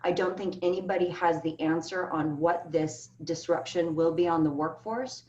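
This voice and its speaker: A woman's voice: on the low side, darkish tone. Emphatic woman on an echoey video call. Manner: earnest, emphatic. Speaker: keynote speaker. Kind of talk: answering questions on a video call panel. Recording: echoey, distant, dull video call audio.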